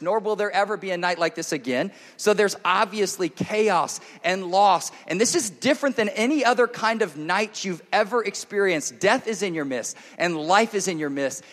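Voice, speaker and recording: Man preaching in a reverberant hall. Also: high-pitched. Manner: earnest and direct, swinging between loud emphatic passages and hushed intimate ones. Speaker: pastor. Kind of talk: sermon. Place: church service. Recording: long reverb of a large hall.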